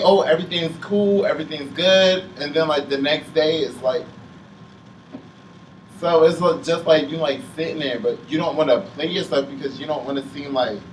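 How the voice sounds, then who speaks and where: A young man talking openly in a group chat, halting and full of fillers, close to tears. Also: fairly high pitch. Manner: heavy use of "like", halting, on the verge of tears. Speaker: panelist. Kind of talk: emotional casual chat. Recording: roomy sound from a distant mic with faint noise.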